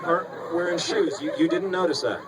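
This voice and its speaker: A man's voice: fairly high pitch, moderate pace, a loud crowd. A man working as a stage hypnotist, giving commanding, theatrical suggestions and teasing his volunteers on stage. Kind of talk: stage hypnosis show patter. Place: school auditorium stage. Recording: noisy live audience recording.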